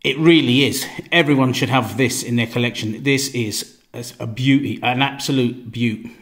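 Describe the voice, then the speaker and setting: A relaxed man in a mid-range voice chats outdoors while reviewing gear. He rambles, restarts his sentences and repeats himself. Now and then his voice drops to a quiet murmur. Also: medium pitch, moderate pace. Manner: relaxed, repeats himself, stumbles over words. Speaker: knife reviewer. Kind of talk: casual product review vlog.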